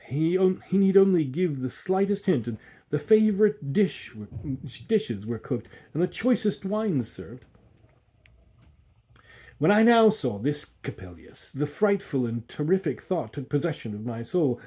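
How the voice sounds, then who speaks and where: A man reading a classic horror tale aloud with an expressive, theatrical delivery. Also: a little high, a little slow.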